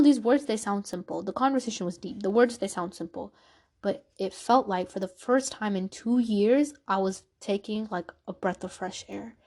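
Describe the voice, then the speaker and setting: A woman's voice: mid-range voice, darkish tone. A woman vlogger sharing an emotional personal faith story, earnest, repeating phrases for emphasis. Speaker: Islamic vlogger.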